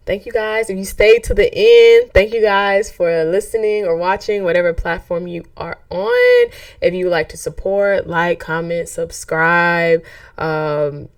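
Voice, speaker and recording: Young woman podcast host, lowish lively voice, conversational faith monologue, dry and slightly distant. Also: no room sound. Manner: animated, conversational, acts out quoted voices. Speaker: track coach.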